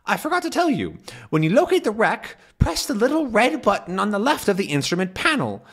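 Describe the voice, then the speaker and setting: A man voicing an excitable elderly male professor inventor from a comic, reading the lines aloud in a high, fast-talking, explanatory way. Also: husky, heavily acted. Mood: urgent.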